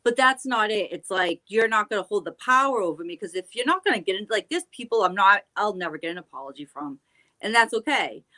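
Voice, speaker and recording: A woman's voice: medium pitch, lively intonation, fast talker, pushed and bright. A woman guest speaking earnestly and reflectively in a casual chat. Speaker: guest tarot reader.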